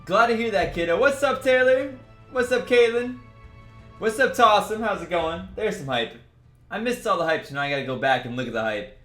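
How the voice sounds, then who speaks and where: Upbeat high-voiced streamer in an echoey room. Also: male voice, animated, a bit bright. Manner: upbeat, greets chat viewers rapidly by name. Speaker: livestream host. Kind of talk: casual livestream chat. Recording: roomy echo, faint music behind.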